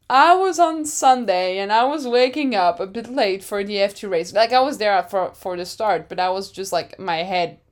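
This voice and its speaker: A woman hosting a podcast with casual, dramatic chat. She often laughs at her own jokes. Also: medium pitch. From France. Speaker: podcast host.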